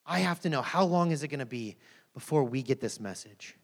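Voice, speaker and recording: A preacher retelling an insistent old tribal chief. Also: male voice, mid-range voice, animated, fairly quick, creaky. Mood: pleading. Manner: urgent, repeating his questions. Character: pleading tribal chief, older man, insistent. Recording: long reverb of a large hall.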